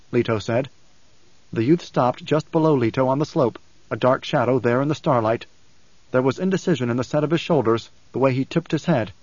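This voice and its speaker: A man narrating an audiobook in a measured, even reading. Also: medium pitch, no echo, muffled recording. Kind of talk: scripted narration.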